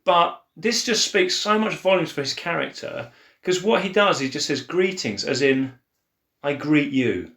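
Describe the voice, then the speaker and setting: A man co-hosting a church Bible podcast, chatting in an animated way and acting out quotes with laughter. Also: normal speed. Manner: animated, acts out quotes with big pitch swings and laughs. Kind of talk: casual Bible discussion. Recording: echoey room.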